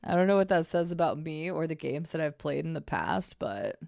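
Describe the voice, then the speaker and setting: A woman's voice: deep voice, expressive, normal speed, creaky, darkish tone, no room sound, studio quality. A woman livestreamer chatting casually with her viewers while she sets up her stream and thinks aloud. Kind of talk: casual charity stream chat.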